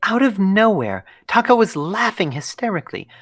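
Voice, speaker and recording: A woman's voice: medium pitch, very animated, moderate pace, dry recording. A woman narrating a fan fiction story expressively on a live stream, close to a dry microphone.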